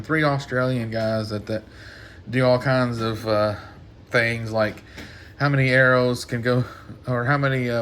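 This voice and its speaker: A soft-spoken man doing a casual mail-call vlog about his toys, talking haltingly with many restarts, at home. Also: mid-range voice, slight background noise. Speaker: toy collector vlogger.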